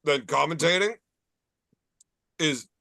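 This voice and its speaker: A man's voice: on the high side, slow, gravelly, pushed and bright, no echo. A man hosting a casual bar chat podcast, telling profane, rambling stories. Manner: profane, storytelling. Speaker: podcast host.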